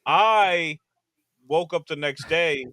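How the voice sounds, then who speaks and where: A young man co-hosting a casual podcast, telling stories in an animated, profane way and loudly acting out quotes. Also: a little high, slow, dry recording. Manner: animated, profane storytelling with loud acted quotes. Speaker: podcast co-host. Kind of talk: casual chat.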